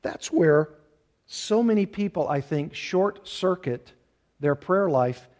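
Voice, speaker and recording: A man's voice: fairly high pitch, lively intonation, slow pace, darkish tone. A man preaching an earnest expository sermon, repeating key phrases for emphasis. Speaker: pastor.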